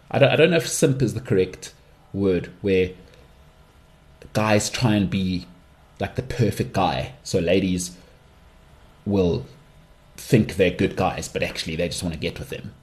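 An English man hosts his own podcast solo, delivering a monologue full of strong opinions. He often leaps into high-pitched, mocking outbursts.

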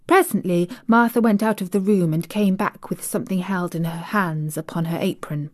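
A woman reading a classic children's novel aloud in a measured audiobook narration. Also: lowish voice, fairly even intonation, no room sound, studio quality. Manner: slow, measured. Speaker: audiobook reader.

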